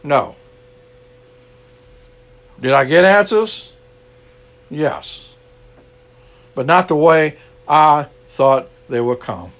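A man's voice: on the high side, expressive, extremely slow, pauses often, fairly bright tone. A man preaching an earnest sermon to an online gathering, repeating his key lines and closing in prayer.

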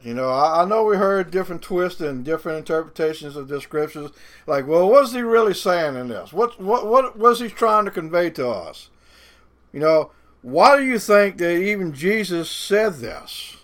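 A man with a Cajun accent preaching a sermon, earnest and rising to fervent emphasis on slowed, drawn-out phrases. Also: a little high, fairly bright tone.

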